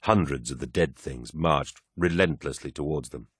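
A man narrating a dramatic action story with steady storytelling. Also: very deep voice, normal speed, slightly rough, no room sound, studio quality. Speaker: audiobook narrator. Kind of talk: scripted narration.

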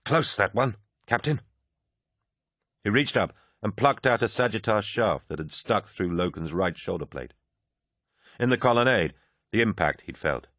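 A man narrating an action-heavy audiobook in a measured, grave delivery. His voice is very deep, and the recording is dry and close with no room sound. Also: lively intonation, fairly bright tone, no echo. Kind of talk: scripted narration.

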